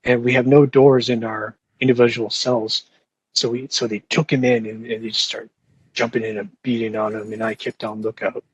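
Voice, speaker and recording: A man's voice: mid-range voice, level tone, moderate pace, slightly rough, no room sound, low-quality recording. A young man telling a rambling, profane story with lots of fillers and restarts in casual podcast talk. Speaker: podcast host.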